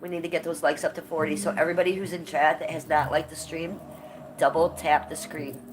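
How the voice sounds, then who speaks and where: A woman's voice: deep voice, little pitch movement, a little fast, noisy background. A woman hosting a casual livestream, blunt and profane, her voice stuffed up from a cold, with coughs between her lines. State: congested and coughing. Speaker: livestream host.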